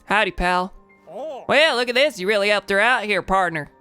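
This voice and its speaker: A woman's voice: medium pitch, moderate pace, bright, forceful tone, smooth, soft background music, close to an everyday voice. A woman voicing a chipper male bird reporter from a video game, with a put-on southern drawl and a folksy manner. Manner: folksy, upbeat, calls you partner. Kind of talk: reading game dialogue aloud.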